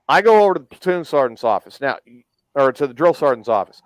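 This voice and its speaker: Smooth-voiced man telling a blunt story. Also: mid-range voice, sing-song, fast, no echo. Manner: blunt, profane, acts out quoted dialogue. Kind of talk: casual storytelling.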